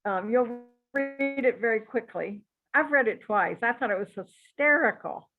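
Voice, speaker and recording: A woman teaching a psychic class in a relaxed, chatty and encouraging way, with frequent asides. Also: on the high side, a little slow, faint music behind. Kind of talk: relaxed spoken class talk. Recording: tinny phone-like audio.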